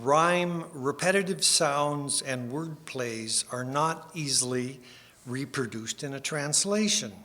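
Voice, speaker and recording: A man giving a sermon with slides, unhurried and self-deprecating, with small restarts. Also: medium pitch, fairly bright tone. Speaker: speaker giving a split sermon. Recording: long hall reverb.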